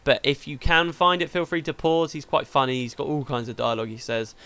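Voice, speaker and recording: A man's voice: a little high, steady tone, fairly quick, sharp tone. A man hosting a let's play, chatting casually through the game and laughing easily.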